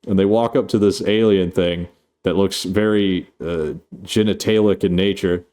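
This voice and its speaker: Deep-voiced man rambling through a movie recap. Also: steady tone, normal speed, mellow. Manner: rambling, profane, laughs often. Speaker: host.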